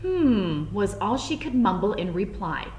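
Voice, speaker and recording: A woman reads a children's storybook aloud, playful and expressive. Her voice sits a little high and moves around a lot. The room gives a roomy echo, with a faint background hum. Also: unhurried.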